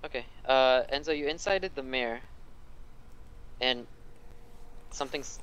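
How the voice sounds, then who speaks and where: A man narrating as game master of a tabletop role-playing game, relaxed and full of fillers. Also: mid-range voice, measured pace, clean tone, rough recording.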